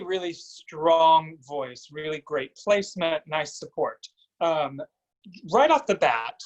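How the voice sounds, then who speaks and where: A man's voice: sits high, rough recording. A man giving a singer vocal coaching feedback over a video call, singing short phrases to demonstrate.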